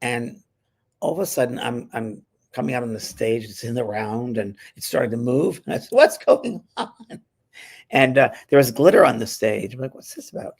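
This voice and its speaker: A man with a gravelly, husky voice tells stories in a relaxed chat, slipping into the voices of the people he quotes. His pitch sits in a plain middle range, and he laughs easily as he talks. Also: a little fast. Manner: chatty storyteller, acts out quoted voices, laughs often. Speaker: spiritual medium and show host. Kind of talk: casual chat, anecdotal storytelling.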